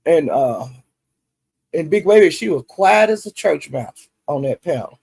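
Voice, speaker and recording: A man's voice: on the high side, expressive, measured pace, creaky, darkish tone, breathy edge. A man, recapping online drama in a rambling, folksy way full of fillers. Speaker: YouTube commentary host.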